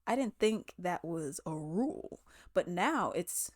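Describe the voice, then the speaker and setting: A woman vlogger giving her opinions in a casual, animated commentary with slangy, drawling speech. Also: on the low side, slow, dry recording, studio quality.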